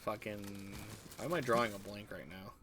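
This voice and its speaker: A man's voice: lowish voice, steady tone, moderate pace, very noisy. A young man chatting casually with friends during a game stream, rambling with many fillers and crude jokes. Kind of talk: casual gaming chat. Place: online voice chat.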